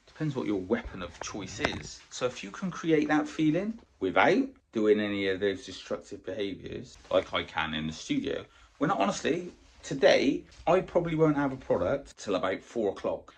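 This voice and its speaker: A man in a casual motivational vlog, coaching on weight loss in a blunt, sweary, animated way. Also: fairly low pitch, slight background noise.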